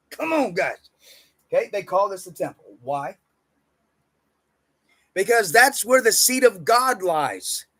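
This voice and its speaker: A man with a high-pitched voice gives an unscripted, preachy motivational rant. He talks with a lot of profanity, jumping from loud, emphatic bursts to muttered asides. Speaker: self-help speaker.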